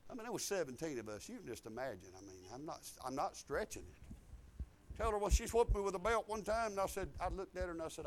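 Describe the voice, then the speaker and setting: Preacher guy in his 50s, pretty high voice, drops to mumbly asides then booms out. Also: expressive, fast talker, a little hiss or hum. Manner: folksy storytelling, swinging from low asides to loud emphatic preaching. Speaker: pastor. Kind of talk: sermon.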